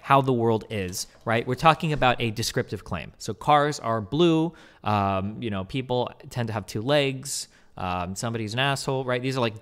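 A young man streaming, explaining ideas in fast, rambling, profane casual talk with acted-out examples. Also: medium pitch, a bit bright. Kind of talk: casual livestream commentary.

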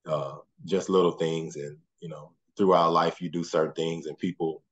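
A man, a guest speaking softly and trailing off with "you know". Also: very deep voice, little pitch movement, moderate pace, breathy edge. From Mississippi, USA. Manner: soft-spoken, trails off often with "you know". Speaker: guest, former basketball player and coach. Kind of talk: relaxed interview chat.

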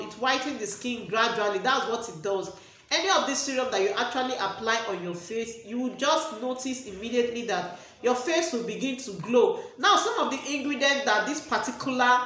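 Nigerian woman reviewing products in casual talk, somewhat high-pitched, heavily echoing room. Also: pushed and bright. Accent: Nigerian English. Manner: repeats words and restarts phrases while explaining. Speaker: skincare vlogger. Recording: very echoey room.

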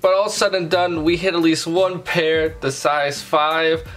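A man recapping his results in a casual vlog, talking in quick bursts and restarting sentences. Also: on the high side, fairly even intonation, a bit bright, faint music behind. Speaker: sneaker bot vlogger.

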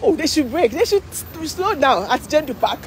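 Excitable Ghanaian woman, high lively voice. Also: normal speed, some chatter behind, a little hiss or hum. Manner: excitable, exclaiming, chatty. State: tired from walking. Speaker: vlogger. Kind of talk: live walking vlog. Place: outdoor city street at a parade.

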